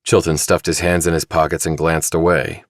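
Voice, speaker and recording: Narrator: man, very low voice, measured thriller reading, dry studio sound. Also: no room sound. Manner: measured, even storytelling. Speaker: audiobook narrator. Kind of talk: scripted narration.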